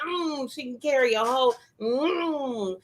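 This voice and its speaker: A woman's voice: high voice, unhurried. A woman co-hosting a casual podcast chat, playful and emphatic, teasing her co-host.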